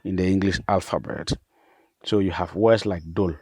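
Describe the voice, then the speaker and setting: A man, a pastor, patiently explaining vowel sounds and repeating each example word slowly. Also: low-pitched, steady tone, a little mellow, husky. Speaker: pastor and language teacher.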